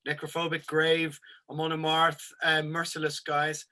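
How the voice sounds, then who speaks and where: A man's voice: fairly high pitch, monotone, moderate pace, pushed and bright. An Irish man chatting casually as a podcast host, telling rambling anecdotes and swearing freely. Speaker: podcast host, metal musician. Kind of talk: casual chat.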